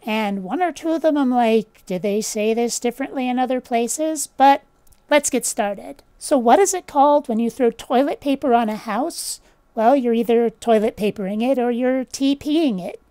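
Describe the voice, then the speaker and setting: Blunt, opinionated woman, bright voice. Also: on the high side, animated, normal speed, dry recording. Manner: blunt, opinionated, swears casually. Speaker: channel host. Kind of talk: casual vlog monologue.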